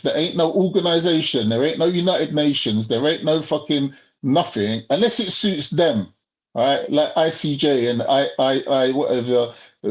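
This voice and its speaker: A young man launches into a heated, profane rant. His voice sits fairly high for a man and he keeps throwing out rhetorical questions in a loose, casual delivery. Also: a little mellow, poor audio.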